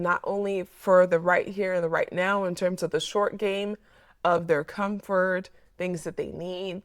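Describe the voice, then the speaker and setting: A woman's voice: fairly low pitch, no room sound, clean studio sound. A woman therapist sharing a personal parenting story in a candid, reflective way, often repeating words as she thinks. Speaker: mental health therapist.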